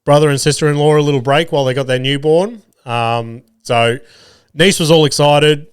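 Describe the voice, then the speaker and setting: A man's voice: a little high, normal speed, clear, resonant tone, no room sound, clean studio sound. A man in his thirties with an Australian accent hosting a podcast, telling crude, swearing stories about his kids and laughing at them. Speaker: podcast host. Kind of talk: casual storytelling.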